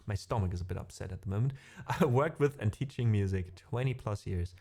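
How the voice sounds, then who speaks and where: A middle-aged German-accented musician chats casually with his live stream viewers, rambling with plenty of fillers. His voice is lowish and mellow, fairly quick, with vocal fry.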